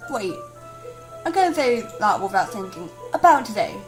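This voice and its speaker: A woman playing a bashful teenage girl from a dating game who stumbles over her words. Her speech is soft and hesitant, only slightly lower than the player's own voice. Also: big pitch swings, normal speed, soft background music. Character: shy, bashful teen girl. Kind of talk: let's-play voice acting.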